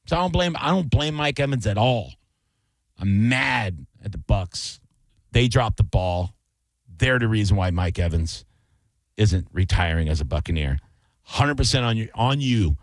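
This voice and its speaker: Animated ranting male radio host. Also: dry recording. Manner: animated, ranting, jumps into loud high yells. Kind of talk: casual radio talk. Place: radio studio.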